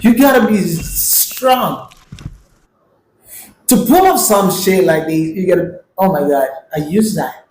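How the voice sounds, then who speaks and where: A woman reacting to a clip, talking slowly with a bouncy, lively pitch. She exclaims and chats back at the screen. Her voice sits in a roomy, echoey space with a faint hiss underneath. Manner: chatty, exclaiming, talks back to the video. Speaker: reaction video host. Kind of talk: casual reaction commentary.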